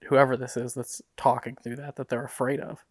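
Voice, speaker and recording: Man, paranormal investigator, speaks at an average pitch, muses and laughs easily, recorded indoors in an old house. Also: little pitch movement, a little fast. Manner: musing, questions spirits aloud, laughs easily. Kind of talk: ghost-hunting session talk. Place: inside an old house, in a room.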